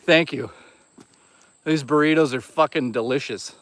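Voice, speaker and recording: A man's voice: on the high side, unhurried, a bit bright, no room sound. A young man live-streaming as he walks outdoors in the woods, chatting in a crude, rambling, joking way. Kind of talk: casual live-stream chat while walking.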